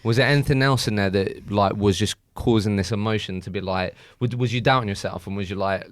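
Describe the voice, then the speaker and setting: A low-voiced man hosts a podcast in a loose, informal way, often swearing. His questions wander and restart before they land. The recording is close and dry. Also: fairly quick, dry recording. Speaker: podcast host. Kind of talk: casual interview chat.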